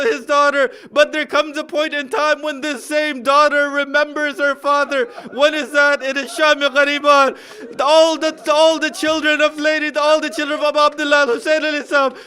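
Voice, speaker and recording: Male majlis speaker with a very high, rapid, level delivery, telling a tearful story in a mourning sermon. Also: sharp tone.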